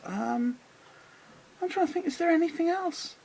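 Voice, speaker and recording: A middle-aged man hosting a casual lesson, chatty and encouraging, who slows right down to sound out words with care. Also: extremely high pitch, huge pitch swings, creaky, darkish tone, poor audio. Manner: chatty, encouraging, drawn-out careful pronunciations. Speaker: model railway channel host. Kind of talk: casual explainer to camera.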